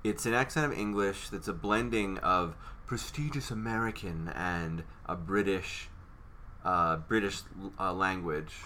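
A man's voice: low-pitched, a little slow, pushed and bright, slight background noise. A man co-hosting a casual movie chat, wry and playful, often breaking into laughter. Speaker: podcast co-host.

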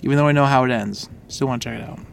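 A man's voice: mid-range voice, rapid-fire, vocal fry, slight background noise. A man co-hosting a casual comic-book podcast, cracking dry jokes and laughing often. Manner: wry jokes, frequent laughter. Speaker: podcast co-host.

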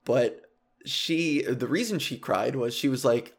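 A man's voice: mid-range voice, measured pace. Rambling self-deprecating man in his thirties. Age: 30s. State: emotional, recently cried. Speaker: comedy podcast host. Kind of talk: confessional solo podcast monologue.

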